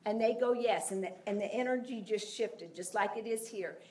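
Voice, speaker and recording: A woman at medium pitch, a little mellow and a little fast, addresses a live audience in a large room. As a sales coach she's passionate and emphatic, playing out exchanges with clients. Her voice sounds far off in an echoey space.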